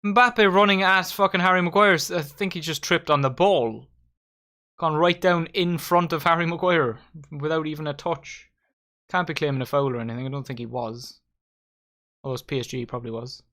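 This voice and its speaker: A young man giving excitable, sweary live commentary while hosting a football watchalong. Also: on the high side, brisk. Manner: excitable, swearing, addresses viewers as lads. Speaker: watchalong host.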